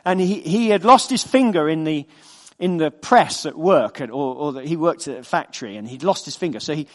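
A man preaching a sermon with a fairly high voice. He talks earnestly and conversationally, drifting easily into personal stories. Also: expressive, fairly quick.

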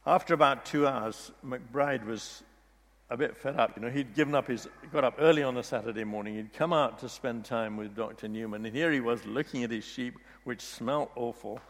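A man retells a story from a book to listeners at length, rambling and frequently restarting and repeating words. His mid-range voice moves at normal speed, with a big-room sound.

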